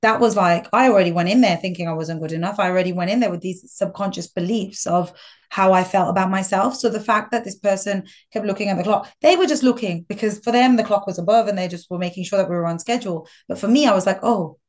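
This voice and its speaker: A woman's voice: mid-range voice, quick pace, a little mellow. A woman psychologist, a guest on a podcast, speaking thoughtfully and affirming the host. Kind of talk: casual chat.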